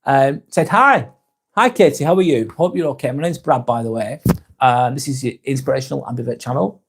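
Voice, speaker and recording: A man's voice: mid-range voice, fairly quick, husky. A man in his forties with a Northern English accent, hosting a live stream and reading out chat comments, joking and rambling with frequent restarts. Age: 40s.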